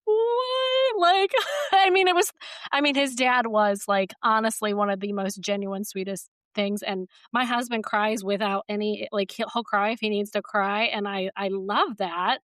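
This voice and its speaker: A woman's voice: medium pitch, normal speed, fairly bright tone, dry recording, studio quality. A woman in her forties hosting a podcast, chatting casually and laughing often. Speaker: podcast host. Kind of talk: casual conversation.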